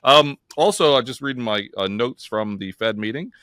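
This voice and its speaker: A man's voice: medium pitch, moderate pace, no echo, clean studio sound. A man co-hosting a casual finance podcast, joking around and telling stories with plenty of "like" and "um.". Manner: jokey, animated, lots of "like" and "um". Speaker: co-host, market strategist. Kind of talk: casual market podcast chat.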